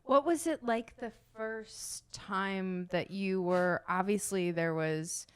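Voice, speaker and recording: A woman's voice: mid-range voice, slow, clear, resonant tone. A woman hosting a podcast, playfully asking her guests questions. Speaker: podcast host, interviewer. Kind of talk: casual interview.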